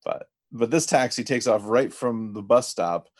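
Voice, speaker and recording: A man hosting a casual podcast, retelling a show's plot step by step with halting restarts. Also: mid-range voice. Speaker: podcast host. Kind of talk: casual episode recap chat.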